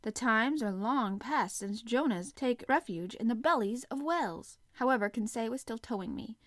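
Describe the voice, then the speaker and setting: A woman reads a classic adventure novel aloud in the first person, with an expressive, dramatic delivery. Her voice sits slightly high. The recording is dry and close, with no room sound. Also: normal speed, no echo. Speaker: audiobook narrator.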